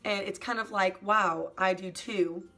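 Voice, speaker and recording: A young woman YouTuber talking in a soft, hesitant confessional vlog, full of "like" fillers and sometimes close to tears. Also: medium pitch, fairly even intonation, unhurried, soft background music. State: emotional, near tears at times.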